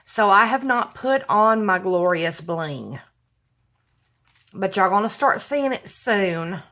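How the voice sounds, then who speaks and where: A woman's voice: mid-range voice, slow. Gushing woman unboxing gifts. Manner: gushing, excitable, gasps and exclaims, addresses viewers as y'all. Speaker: vlogger opening a gift package. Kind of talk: casual unboxing chat. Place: home at night.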